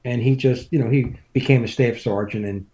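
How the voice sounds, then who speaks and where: A man's voice: mid-range voice, steady tone, brisk, dark tone, a little hiss or hum. A man in his seventies, a podcast guest, telling rambling family stories in casual chat and chuckling through them. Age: 70s.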